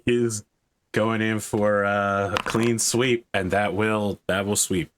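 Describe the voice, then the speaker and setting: A man's voice: on the low side, little pitch movement, slow pace, noisy background. A man running a tabletop game as game master, narrating the action and chatting casually through the rules. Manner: casual, chatty, thinks aloud about rules.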